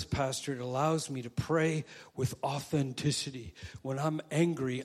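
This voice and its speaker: A male pastor preaching a sermon, swinging from quiet asides to loud, emphatic quoted prayers. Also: a little high, breathy edge.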